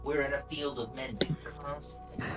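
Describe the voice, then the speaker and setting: A man playing a tabletop game, chatting casually and asking questions with quick restarts. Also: medium pitch, steady tone, a bit bright, faint music behind. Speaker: player.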